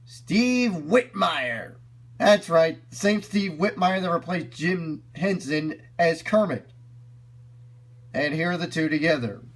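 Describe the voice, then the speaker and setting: A man's voice: on the high side, slow pace. Upbeat man commenting on clips. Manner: enthusiastic, explains as he goes. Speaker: video reviewer.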